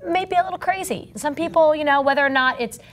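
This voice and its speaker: A woman with a New York accent co-hosting a casual talk show, chatty and quick to laugh. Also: high voice, a bit bright, slight background noise. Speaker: co-host. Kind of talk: casual chat.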